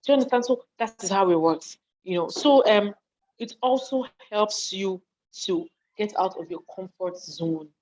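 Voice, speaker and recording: A Nigerian woman giving a lively, conversational online talk from her home study, often checking that her listeners are following, while hungry and yawning. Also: medium pitch, moderate pace. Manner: lively and conversational, acts out what people say, asks listeners if they follow. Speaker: speaker on leadership and volunteering. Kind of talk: live online talk to an audience in a chat. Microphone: video call. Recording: dull lo-fi call audio.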